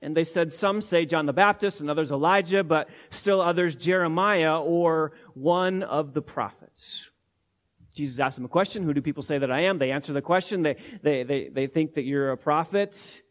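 A man's voice: a little high, normal speed. A man preaching an expository sermon as pastor, teaching emphatically word by word with frequent repetitions.

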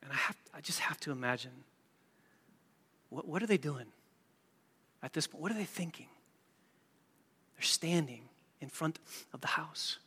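A man preaching a sermon, moving from hushed storytelling to loud, emphatic preaching. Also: on the high side, breathy edge, in a large hall. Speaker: pastor.

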